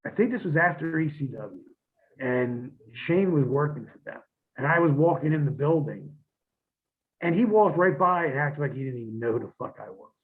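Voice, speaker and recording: A man's voice: on the high side, animated, moderate pace. A man, a former pro wrestler, telling blunt, profane stories in a shoot interview and acting out old arguments. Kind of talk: shoot interview, casual storytelling. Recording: tinny phone-line audio.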